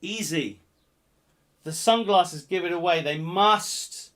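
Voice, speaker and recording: A man hosting a live-streamed pub quiz, jokey and rambling, swinging between loud announcements and muttered asides. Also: high voice, takes it slowly, pauses often. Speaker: quiz host.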